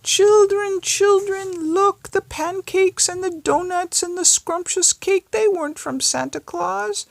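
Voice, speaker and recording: A woman voicing a mother hen in a children's storybook, shrill and excited as she calls to her chicks. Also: slow, gravelly, few pauses, dry recording, heavily acted. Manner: shrill, high and loud.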